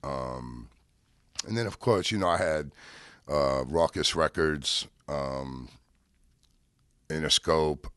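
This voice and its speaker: A man in a casual interview, telling anecdotes in a lively way, swearing freely and acting out the voices of people he quotes. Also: very deep voice, slow pace, pauses often, clear, resonant tone, dry recording, studio quality. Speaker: interview guest, car rental businessman.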